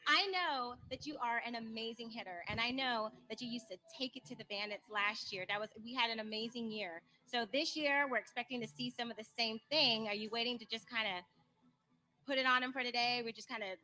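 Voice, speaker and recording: A woman's voice: fairly high pitch, a little fast, pushed and bright. A woman reporter answering interview questions in a bubbly, gushing way.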